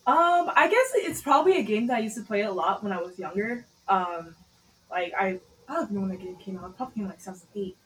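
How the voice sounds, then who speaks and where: A podcast guest chatting casually, self-deprecating and relaxed, with plenty of "um" fillers. Their mid-range voice comes with a faint hum in the background. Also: medium pitch, fast talker, low-quality recording. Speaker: podcast guest, game developer. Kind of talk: casual interview chat.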